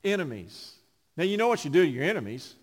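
A high-voiced male pastor delivers a sing-song, quick-paced, impassioned sermon, punching out loud emphases before dropping into soft, low phrases. The church sanctuary gives his voice a long, echoing reverb.

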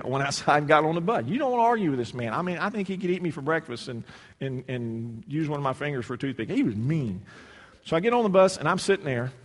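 A man preaching a sermon, telling a personal story with humor and sudden loud shouted quotes. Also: mid-range voice, in a large hall.

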